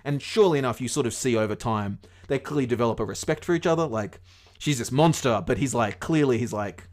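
A man with a mid-range voice talks fast as he casually retells a fairy tale to his podcast co-host. He rambles, swears often, and fills the story with plenty of filler words.

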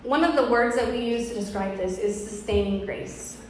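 A woman in her thirties preaches to her church in an earnest, conversational way, her voice sitting a little high. Her words ring out through a very reverberant hall, with a faint hiss of background noise underneath. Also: moderate pace. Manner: earnest, conversational, with personal storytelling. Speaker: pastor. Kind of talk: sermon. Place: church sanctuary.

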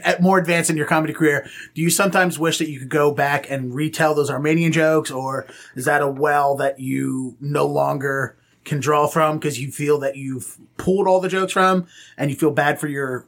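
A man's voice: a little high, normal speed, fairly bright tone. A man hosting a podcast interview in casual chat, rambling in a self-conscious, apologetic way. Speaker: podcast host.

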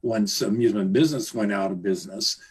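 A man being interviewed, reminiscing in a halting way with repeated words and many fillers. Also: fairly low pitch, husky. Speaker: interview guest, trade journalist.

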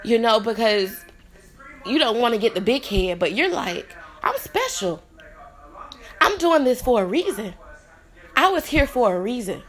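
A woman in her thirties hosts a solo motivational podcast, talking earnestly and from the heart to encourage her listeners. Her voice is a little high and expressive, at a moderate pace, and at times she becomes tearful.

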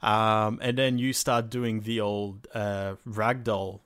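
A man's voice: on the low side, flat delivery, slow, fairly bright tone, smooth. A man co-hosting a podcast, telling a gaming story in a laid-back way and swearing freely. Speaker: podcast co-host. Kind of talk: casual storytelling chat.

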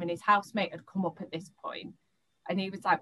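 A young woman tells her own story to an interviewer in a mid-pitched voice. She talks in halting bursts, restarting sentences and repeating words as she gathers her thoughts. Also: a bit bright, rough recording. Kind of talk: personal account in an interview.

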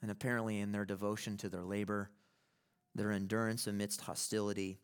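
A man's voice: lowish voice, flat delivery, fairly quick, smooth. A male pastor preaching a sermon in an emphatic way, building to impassioned peaks.

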